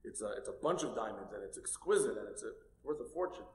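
A man telling a traditional tale aloud, animated and swinging between loud and hushed. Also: on the low side, fast. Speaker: storyteller. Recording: echoey hall.

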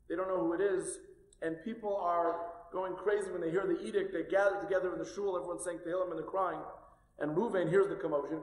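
A man telling a traditional tale aloud, animated and swinging between loud and hushed. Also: a little high. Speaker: storyteller. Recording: echoey hall.

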